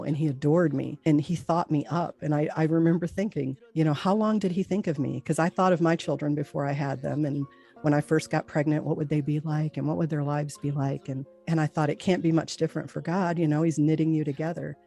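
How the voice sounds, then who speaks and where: A middle-aged woman gives a personal testimony in a gravelly, low-lidded voice with a dark, mellow tone. She tells it with animation and slips into the voices of the people in her story. Faint music plays behind her. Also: a little fast. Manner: animated, acts out dialogue in quotes. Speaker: near-death experience storyteller.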